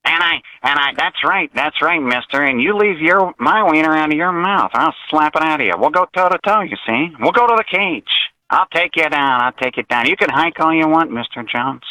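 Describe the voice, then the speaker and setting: A man phones in to a talk show using an exaggerated, cartoonish put-on voice. His tone is bright and forward, his delivery slow and drawn out with taunting asides, and the sound is dry and close. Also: a little high, animated, dry recording, poor audio. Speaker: caller.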